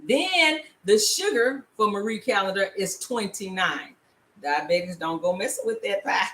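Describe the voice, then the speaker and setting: Older woman, chatty home-cooking host, playful check-ins, mid-pitched voice, roomy echoey kitchen sound. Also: animated, moderate pace, a bit bright. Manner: chatty, playful, frequent laughs and "all right?" check-ins. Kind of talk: casual recipe demonstration. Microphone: laptop camera.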